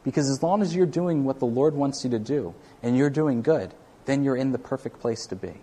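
A man's voice: mid-range voice, a little fast, dark tone, breathy edge. A man preaching a sermon to a congregation, talking in a loose, conversational way with frequent restarts. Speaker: pastor.

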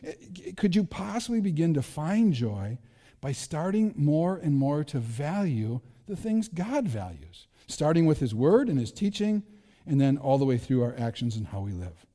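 A man's voice: fairly high pitch, big pitch swings, normal speed, warm tone, long reverb tail. A middle-aged man preaching a sermon as pastor, conversational and self-deprecating, with frequent restarts.

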